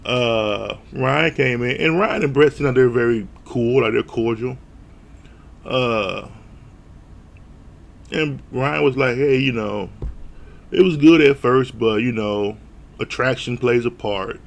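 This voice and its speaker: A man's voice: medium pitch, slow, creaky, long pauses. A man giving a blunt, profane, casual recap of a reality show, retelling scenes with mock quotes. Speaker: show reviewer.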